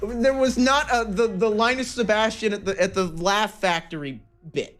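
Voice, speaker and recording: A man's voice: sits high, moderate pace, fairly bright tone. A young man streaming, chatting casually and rambling with frequent restarts and self-interruptions.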